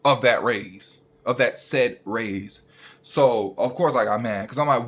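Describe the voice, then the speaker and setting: A man's voice: mid-range voice, measured pace. A young man, a registered nurse, ranting bluntly and profanely straight at his viewers.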